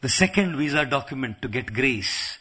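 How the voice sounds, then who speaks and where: A man's voice: medium pitch, expressive, moderate pace, pushed and bright, slightly rough. A man preaching a sermon, telling stories and acting out quotes with playful asides. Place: lecture venue in the UK.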